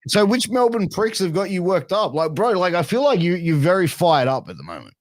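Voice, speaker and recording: A man's voice: high-pitched, very animated, fairly quick, no echo, clean studio sound. A man hosting a podcast, laid-back and prodding his guest with questions. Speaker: podcast host. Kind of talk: casual podcast interview.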